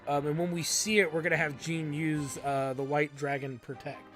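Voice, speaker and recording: A man's voice: a little high, fairly even intonation, normal speed, fairly bright tone, soft background music. A man hosting a let's play, giving casual gameplay commentary with crude jokes and many ums.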